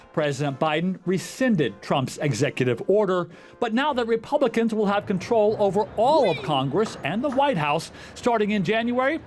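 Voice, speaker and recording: A man reading a scripted news report as anchor, formal and measured. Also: high-pitched.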